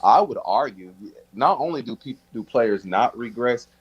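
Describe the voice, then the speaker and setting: A man's voice: medium pitch, animated, normal speed, breathy edge, dull audio. A man calling in as a fan, earnestly arguing his points about the team. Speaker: fan caller. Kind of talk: casual sports talk.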